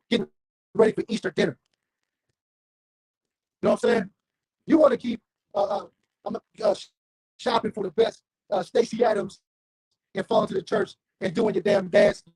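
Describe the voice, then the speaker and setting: Gravelly guy preaching hard, high voice, dry close sound. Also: sing-song, moderate pace, long pauses, a little mellow, no room sound. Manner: preaching, fiery and confrontational. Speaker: street preacher. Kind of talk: street sermon with scripture reading.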